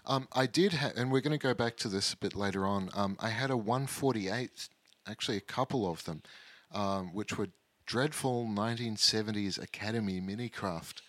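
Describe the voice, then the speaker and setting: A man co-hosting a casual podcast, speaking in a measured, halting way with repeated words. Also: fairly low pitch, fairly bright tone, dry recording. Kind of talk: casual chat.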